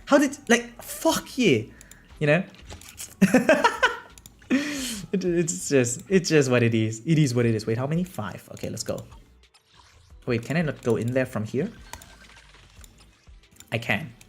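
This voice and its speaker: Lively man with a German accent. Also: medium pitch, unhurried, pauses often, slightly rough. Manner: animated, laughs often, reads chat aloud and answers it. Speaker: game streamer. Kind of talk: live gameplay commentary, chatting with viewers.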